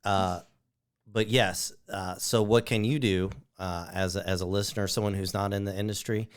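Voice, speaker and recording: A man co-hosting a podcast, earnestly urging listeners in a casual, halting way with many fillers. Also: fairly low pitch, fairly even intonation, clear, resonant tone. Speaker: podcast co-host. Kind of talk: casual chat.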